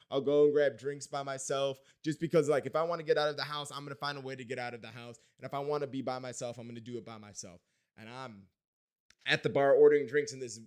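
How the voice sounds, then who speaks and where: A man's voice: medium pitch, fairly bright tone, clear, resonant tone. Young man, late 20s, casual vlogger, rambling, self-deprecating, salty language. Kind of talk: casual personal vlog storytelling.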